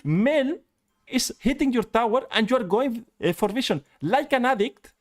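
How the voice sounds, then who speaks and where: A man's voice: extremely high pitch, moderate pace. Exasperated male coach. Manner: exasperated, animated critique. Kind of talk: live-streamed gameplay review.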